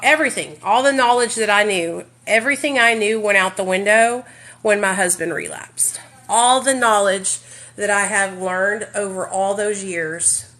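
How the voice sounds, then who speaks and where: A woman's voice: medium pitch, a bit bright, slight background noise. Woman vlogger just talking straight to her viewers, blunt and cussing, real candid storytelling. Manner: blunt, emphatic, swears freely, addresses viewers directly. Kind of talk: candid live-stream storytelling.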